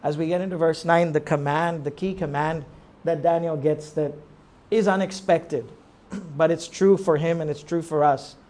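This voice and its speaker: A male pastor with a high-pitched voice delivers a sermon in a conversational way. He leans on rhetorical questions and moves between quiet reflection and emphatic urging. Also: steady tone, moderate pace.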